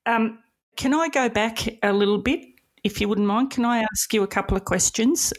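A woman hosting a podcast interview, enthusiastic and warm toward her guest. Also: on the high side, moderate pace. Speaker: podcast host. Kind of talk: casual interview.

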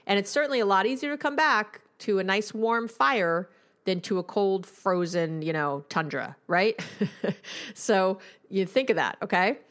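A woman's voice: medium pitch, a little slow, a bit bright. A woman, a couples therapist, hosting an advice podcast in a candid, conversational and emphatic way.

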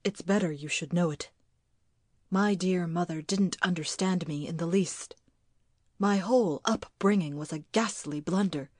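A bitter grown son who speaks low and clipped, with a grim, resentful edge as a woman reads his part. His longer speeches come out in quick, tight bursts, and the recording is dry and close. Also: dry recording.

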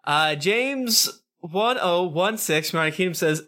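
Man, podcast co-host, bright voice, playful, reads reviews with silly voices. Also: high voice, expressive, measured pace. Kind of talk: casual banter, reading reviews aloud.

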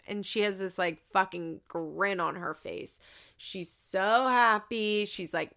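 A woman's voice: medium pitch, fairly even intonation, measured pace, vocal fry, fairly bright tone. A woman recapping a reality show in a casual, sarcastic, rambling way, swearing and filling her talk with "like.".

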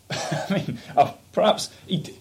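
A man's voice: slow pace, slight background noise. A man co-hosting a casual political podcast, sardonic and jokey, often reading quotes aloud. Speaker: podcast co-host.

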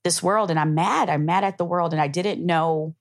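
A woman's voice: deep voice, fairly even intonation, moderate pace. A woman hosting a podcast, talking passionately and emphatically in a heartfelt casual conversation. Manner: passionate, emphatic, tearful at times. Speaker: podcast host.

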